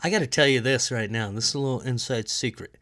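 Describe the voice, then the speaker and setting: A man's voice: medium pitch, fast talker, a bit bright. Rambling, profane man, nasal voice. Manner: rambling, profane, laughs at own jokes. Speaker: podcast host. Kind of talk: casual solo sports podcast. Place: home.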